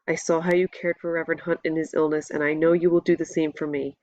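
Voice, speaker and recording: A woman voicing a gravely wounded older male captain, speaking in a slow, measured, solemn way in an audiobook reading. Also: sits low, little pitch movement, darkish tone, dry recording, lightly acted. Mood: grave, weary.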